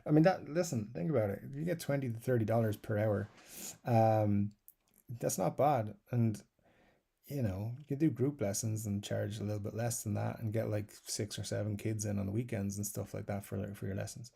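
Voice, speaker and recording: A man with a gravelly, low-set voice that has a warm, mellow tone. He hosts a live stream, casually reading viewer comments aloud and waffling through his answers, with fillers and easy chuckles. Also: fairly even intonation, normal speed. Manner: rambling, self-described waffler, many fillers. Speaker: guitar channel host.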